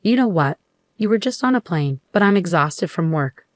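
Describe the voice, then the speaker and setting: A woman's voice: on the low side, expressive, normal speed, no echo, lightly acted. A woman voicing a young husband who is cold, curt and sarcastic, in a narrated story. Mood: irritated. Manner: cold and dismissive.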